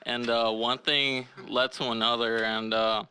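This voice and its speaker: A young man telling a crude comic story in an unhurried, deadpan way with fillers. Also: mid-range voice, smooth. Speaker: cameraman guest.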